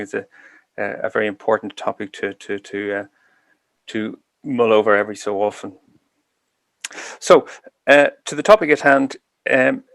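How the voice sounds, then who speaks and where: A man with an Irish accent giving an online medical lecture over a video call, speaking deliberately slowly and carefully. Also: fairly low pitch, gravelly, fairly bright tone. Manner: deliberately slow and careful delivery. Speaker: guest lecturer.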